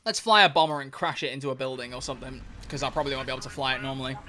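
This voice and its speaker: Excitable man, very bright voice. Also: medium pitch, very fast. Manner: excitable, swears a lot, frequent outbursts. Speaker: game streamer. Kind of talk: live gameplay commentary. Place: home gaming setup at a desk.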